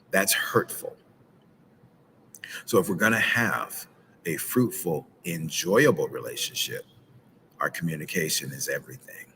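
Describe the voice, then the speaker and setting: A man coaches couples with the animated rhythm of a preacher. He speaks into a phone outdoors by a pool, and faint noise runs behind him. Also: sits low, low-quality recording. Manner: animated preacher-like delivery with church phrasing. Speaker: relationship coach. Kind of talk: live-streamed advice talk.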